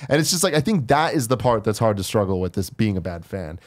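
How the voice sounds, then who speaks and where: Podcast co-host telling a story. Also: male voice, on the low side, sing-song, fast. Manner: storytelling, acts out quotes in a raised voice. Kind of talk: casual chat.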